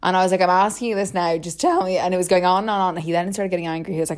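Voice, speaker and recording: A young woman spins a rambling party story with a chatty, giggly manner, stringing her sentences together with "like". Her voice sits a little low for a woman. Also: very fast. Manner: chatty, full of "like", laughs often. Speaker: podcast co-host telling stories. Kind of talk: casual storytelling chat.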